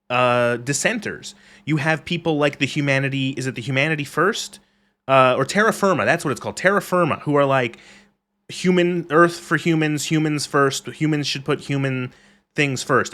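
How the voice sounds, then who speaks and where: A man's voice: mid-range voice, fairly bright tone. A man streaming a game live, ranting casually with frequent swearing and reading chat aloud. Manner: rambling, profane, reads chat aloud.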